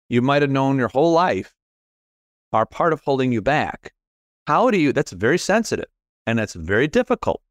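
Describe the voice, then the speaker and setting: Middle-aged male host, rambling and self-deprecating, medium pitch, dry close sound. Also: dry recording. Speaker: podcast host. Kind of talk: casual conversational interview.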